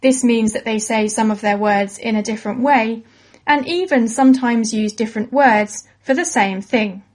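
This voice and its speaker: A woman giving a clear, patient, scripted lesson for children. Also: a little high, moderate pace, darkish tone. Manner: clear, patient and encouraging, like a teacher. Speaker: presenter of a children's educational podcast. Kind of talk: scripted educational narration for children.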